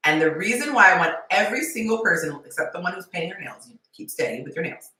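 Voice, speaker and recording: A woman hosts a live-stream dating talk, coaching in a playful, animated way and acting out little scenes with quick character voices and whispers. Her voice is fairly low. She's recorded from a distance, off the mic, in an echoey room.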